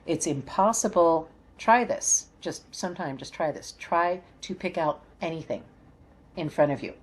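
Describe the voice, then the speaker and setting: Low-pitched woman, card reader, reassuring and repetitive, talks straight to viewers. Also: a little mellow. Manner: encouraging, coaxing, repeats phrases. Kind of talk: spiritual guidance talk to viewers.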